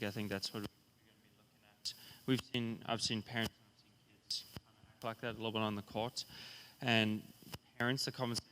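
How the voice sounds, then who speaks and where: A man's voice: fairly low pitch, pushed and bright, slight background noise. A man speaking as a college tennis coach on a recruiting panel, candid and rambling, often quoting what he tells people. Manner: candid, rambling, quotes himself. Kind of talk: panel discussion. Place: event hall.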